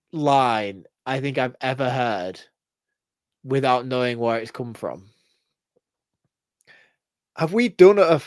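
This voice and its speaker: A man's voice: a little high, darkish tone, dry recording, clean studio sound. A man co-hosting a podcast in casual chat, laid-back and easily stumped, often laughing. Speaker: podcast co-host. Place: podcast studio.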